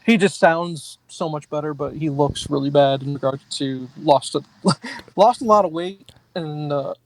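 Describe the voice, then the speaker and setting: A man's voice: on the high side, unhurried, poor audio. A middle-aged man co-hosting a podcast in casual chat, chatty and laughing often. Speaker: podcast co-host.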